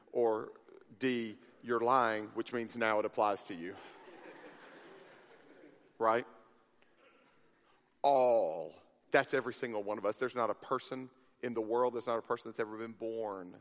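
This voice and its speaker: A man preaching a sermon, telling a story with acted-out voices, then dropping to a near whisper for emphasis. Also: mid-range voice. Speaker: pastor. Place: church sanctuary. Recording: reverberant sanctuary.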